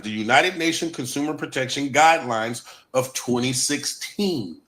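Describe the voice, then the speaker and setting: A man's voice: mid-range voice, sharp tone. A man hosting a casual live stream, talking to viewers and repeating his main points for emphasis.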